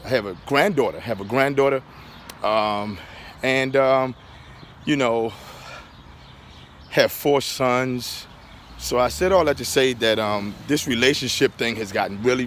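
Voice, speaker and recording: A middle-aged man, a pastor and author, chatting casually to his viewers on a phone inside a car, repeating his points and getting animated when riled. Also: mid-range voice, slight background noise. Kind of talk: casual vlog talk to viewers.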